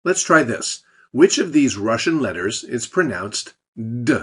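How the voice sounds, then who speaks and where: A man teaches a language lesson in scripted narration, his voice a touch husky. His pitch moves a lot as he explains each point and drops the odd dry joke. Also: sing-song, unhurried, fairly bright tone. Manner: explanatory, with light dry jokes.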